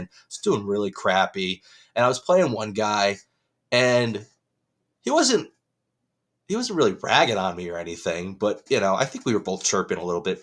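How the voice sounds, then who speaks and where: A man's voice: on the low side, a bit bright. A young man co-hosting a podcast, telling a long rambling story in casual chat and swearing freely. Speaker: podcast co-host.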